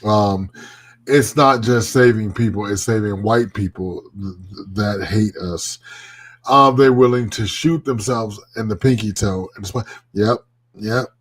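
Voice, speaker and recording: A man co-hosting a live talk show in casual banter. He talks in an animated way, swears freely and laughs often. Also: on the low side, measured pace. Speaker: co-host.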